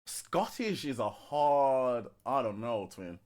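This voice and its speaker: A man co-hosting a casual podcast, full of slang and easy swearing. His pitch swoops up and down as he talks. He laughs often and keeps everything loose and playful. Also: takes it slowly. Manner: slangy and excitable, says bro, swears, laughs a lot. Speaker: podcast co-host. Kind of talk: casual chat.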